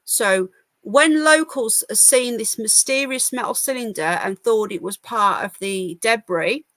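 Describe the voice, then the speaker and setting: A woman's voice: fairly high pitch, measured pace, fairly bright tone, no echo. A woman hosting a casual livestream from home, reading news aloud and answering chat comments with wry asides and stumbles. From United Kingdom. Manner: chatty, wry asides, stumbles over words while reading. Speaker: livestream host.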